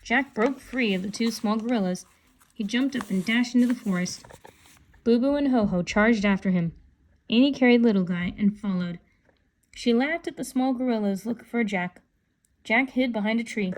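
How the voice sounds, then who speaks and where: A woman reading a children's book aloud in a calm, unhurried voice. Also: on the high side. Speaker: storybook reader.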